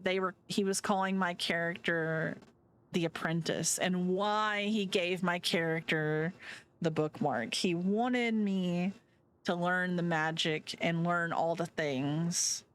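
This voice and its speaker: A woman's voice: lowish voice, steady tone, slow pace, clear, resonant tone. A woman streamer reading a visual novel aloud live, chatting and reacting between lines. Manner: chatty, reacting as she reads.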